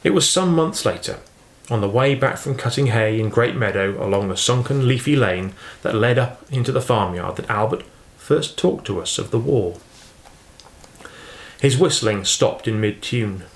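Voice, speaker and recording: A man narrating a novel in a measured storytelling reading. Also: mid-range voice, animated. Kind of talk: audiobook reading. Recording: roomy echo.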